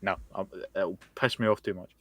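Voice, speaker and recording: A man's voice: deep voice, fairly even intonation, normal speed. A Scottish man co-hosting a podcast over a voice call, ranting wryly in casual chat. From Scotland. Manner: wry, ranting, sweary. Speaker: podcast co-host. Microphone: home mic over a voice call.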